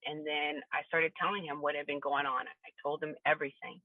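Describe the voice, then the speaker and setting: A woman's voice: low-pitched, level tone, a little fast, dry recording. Woman telling her story over a phone line. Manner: earnest, retelling scenes with quoted dialogue. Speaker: podcast guest. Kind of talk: personal storytelling. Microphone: phone call.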